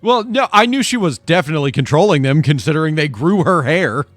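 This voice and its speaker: A man's voice: a little high, lively intonation, brisk, a bit bright, no echo, soft background music. A man co-streaming a game, joking and chatting casually.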